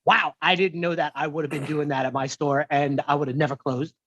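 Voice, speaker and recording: A man's voice: on the high side, steady tone, fairly quick, fairly bright tone, highs cut off. A man co-hosting a casual podcast chat, telling stories about the drinks trade with a joking manner. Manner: storytelling, joking. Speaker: podcast co-host.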